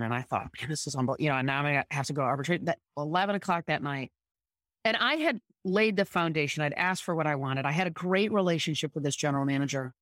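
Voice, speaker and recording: A sports agent, guesting on a podcast interview, tells negotiation stories conversationally, emphatic and punchy as she repeats her key points. Her voice is lowish, in a dry, clean studio recording.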